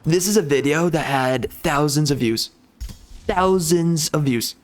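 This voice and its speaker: A man's voice: a little high, measured pace. A man hosting a gaming channel, ranting angrily and profanely over gameplay, agitated and repeating himself as he stumbles over words. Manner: angry, profane, stammering repetitions. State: agitated, seething.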